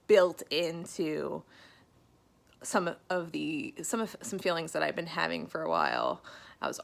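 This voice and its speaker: Chatty young woman with a gravelly low voice. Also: fairly bright tone. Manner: chatty and candid, many fillers, drops to a whisper at times. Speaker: vlogger. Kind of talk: casual personal vlog. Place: at home.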